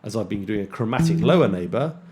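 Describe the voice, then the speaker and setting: A man teaching jazz guitar in a relaxed way, counting beats aloud and scatting rhythms. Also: lowish voice, fast. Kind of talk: casual instructional talk with counting and scatting. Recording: guitar playing underneath speech. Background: loud guitar music.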